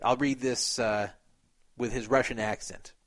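A man's voice: mid-range voice, fairly even intonation, a little slow. A man retelling a poker dispute in a casual, opinionated way. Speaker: poker commentator. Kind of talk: casual commentary.

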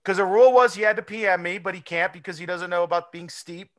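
A man hosting a casual podcast chat, talking in an animated, rambling way and swearing often. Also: sits high, quick pace. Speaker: podcast host.

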